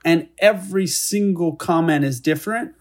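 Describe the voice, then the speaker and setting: A man, a visiting artist, chatting casually and telling lively anecdotes about his work. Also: a little high, moderate pace. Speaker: artist guest. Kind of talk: casual chat.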